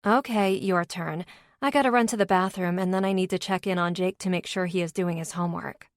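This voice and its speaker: A woman's voice: lowish voice, fairly even intonation, a little fast, dry recording, close to an everyday voice. Woman doing tired blunt new mom, teasing, dry audiobook read.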